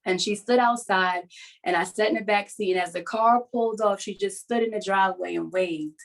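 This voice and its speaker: A woman speaks over a video call in a middle-pitched voice, earnest and halting as she shares something personal. She is a writer hosting a support session, and her telling is confessional and unhurried. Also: rough recording.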